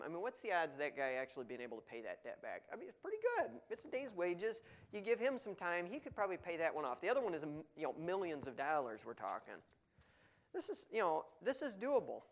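A man preaching a sermon, reading scripture aloud and explaining it in a conversational way, with strong emphatic stresses and quiet asides. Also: fairly high pitch. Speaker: pastor.

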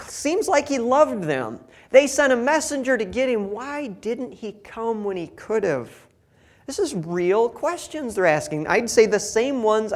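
A man reading a Bible passage aloud and explaining it in a casual, conversational way, acting out the quoted lines in different voices. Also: high voice. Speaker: Bible teacher. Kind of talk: scripture reading with casual commentary.

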